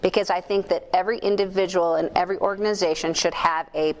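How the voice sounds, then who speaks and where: A woman gives a lively keynote in a chamber of commerce conference room, speaking fast and fairly low into a handheld or stage mic. She's an animated storyteller who quizzes the audience and pokes fun at herself.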